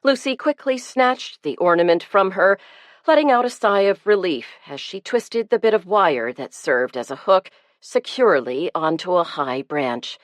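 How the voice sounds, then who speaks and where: A woman narrating an audiobook in a measured, gentle storytelling manner. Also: fairly low pitch, animated, dry recording. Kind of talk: scripted narration.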